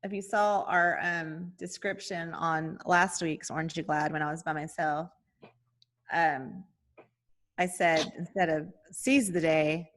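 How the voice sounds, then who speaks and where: A woman's voice: low-pitched, steady tone, slow, a bit bright. A middle-aged woman co-hosting a podcast in casual chat, laughing often and making puns. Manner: giggly, punny, chatty. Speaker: podcast co-host.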